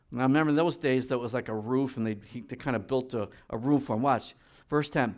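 A middle-aged man preaching a sermon as pastor, reading scripture and acting out the people in it in lively voices. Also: mid-range voice, fairly quick, hardly any pauses.

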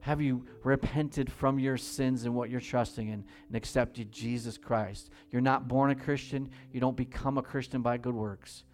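A man's voice: medium pitch, steady tone, normal speed, few pauses, a little hiss or hum. Emphatic preaching pastor, man. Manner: emphatic, swings between loud pleading and hushed prayer. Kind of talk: sermon and closing prayer. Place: church.

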